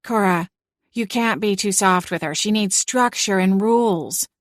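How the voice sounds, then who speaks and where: A woman voicing a fussy, scolding aunt witch in a storybook reading, brisk and chiding. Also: mid-range voice, no echo, studio quality, close to an everyday voice.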